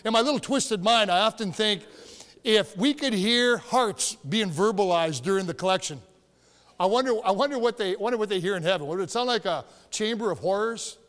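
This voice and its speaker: Pastor, male, high-pitched, emphatic storyteller; church hall with long reverb. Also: animated, a little fast. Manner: storytelling, emphatic, rising to shouts. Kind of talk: sermon. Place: church sanctuary.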